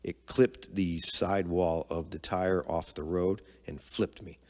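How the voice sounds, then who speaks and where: A middle-aged man with a very low voice tells a personal story in a candid, conversational way. He slips into the voices of the people he quotes, and the recording carries a long, lingering reverb. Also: fairly even intonation, unhurried, darkish tone. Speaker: podcast guest, father of the host.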